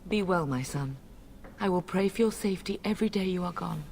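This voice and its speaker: Brief: noble mother, gentle and tender, seeing her son off. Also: fairly low pitch, brisk, creaky, a little hiss or hum. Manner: tender, fond.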